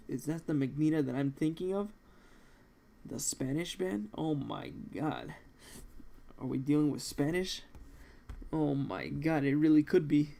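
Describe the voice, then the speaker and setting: A man's voice: fairly high pitch, vocal fry, a little mellow. A man hosting a manga read-along, casually reacting and joking aloud between readings.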